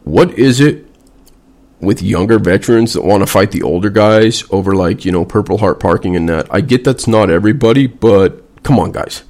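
A man's voice: lowish voice, normal speed, darkish tone. A man, a veteran vlogger, delivering a blunt, sarcastic and heavily profane casual rant.

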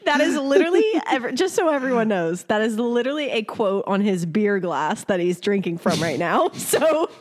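A woman's voice: medium pitch, very animated, normal speed, few pauses. A woman co-hosting a podcast in casual chat, blunt and sarcastic, laughing often. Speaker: podcast co-host.

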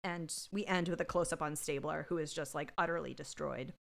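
A woman's voice: deep voice, fairly quick, gravelly. A woman co-hosting a podcast, chatting casually with blunt, emphatic reactions and the odd swear. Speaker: podcast co-host. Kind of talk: casual chat.

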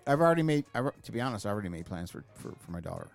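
A man's voice: lowish voice, sing-song, racing, faint music behind. A man hosting a podcast, ranting in a casual, profane chat. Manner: ranting, heavy swearing. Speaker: podcast host.

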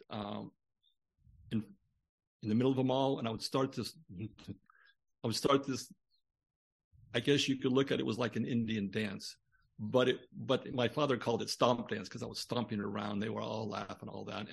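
A man's voice: medium pitch, gravelly, breathy edge. An older man, a guest on a podcast interview, telling a long personal story in a rambling way with many restarts.

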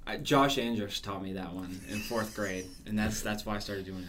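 A man's voice: on the low side, normal speed, fairly bright tone. A young man hosting a casual podcast, making dry, wry asides. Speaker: podcast host.

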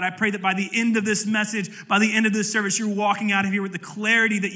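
A man's voice: sits high, little pitch movement, quick pace, few pauses, pushed and bright. A male pastor preaching a sermon at a church service, earnest and emphatic, reading scripture aloud.

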